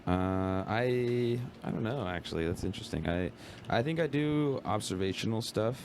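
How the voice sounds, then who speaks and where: Casual guest: young man, deep voice, rambling stand-up chat with faint room hiss. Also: lively intonation, normal speed. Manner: laid-back, rambling, lots of "like" and "bro". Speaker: guest comedian.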